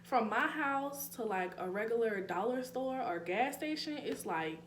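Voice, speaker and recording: This young New Orleans YouTuber, with the city's accent, talks casually to her viewers, calling them y'all and laughing in asides. She speaks a little slowly in a fairly high voice with lively intonation, in an echoey room carrying a faint hum.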